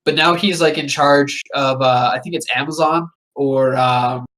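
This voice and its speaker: A man's voice: mid-range voice, fairly even intonation, unhurried, a bit bright, low-quality recording. A young man co-hosting a podcast, telling a rambling story full of swearing and asides. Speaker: podcast co-host. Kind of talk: casual chat.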